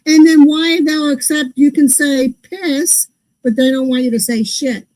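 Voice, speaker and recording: A woman's voice: high-pitched, a little slow, a little mellow, rough recording. A woman co-hosting a podcast, chatting casually and puzzling over her pet peeves in a ranting way. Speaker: podcast co-host. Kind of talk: casual chat.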